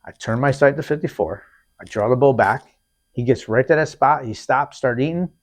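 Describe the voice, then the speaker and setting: A man hosting a podcast, telling a hunting story in a lively, casual way, acting out what people said and often restarting his sentences. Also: medium pitch, moderate pace. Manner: animated, acts out quotes, repeats and restarts. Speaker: podcast host.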